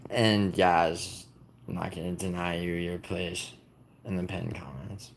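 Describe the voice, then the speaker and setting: With a slow pace and fairly even intonation, a young American host chats casually on a livestream, reading comments and teasing viewers. His low, gravelly speech rambles, packed with "like" and restarts, and a faint hiss runs beneath it.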